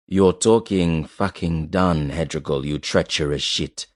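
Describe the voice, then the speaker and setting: A man's voice: deep voice, takes it slowly, dry recording, studio quality, pitched below the performer's own voice. A man voicing a harsh, scornful woman. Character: furious, contemptuous woman, hard and accusing. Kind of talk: audiobook character voice.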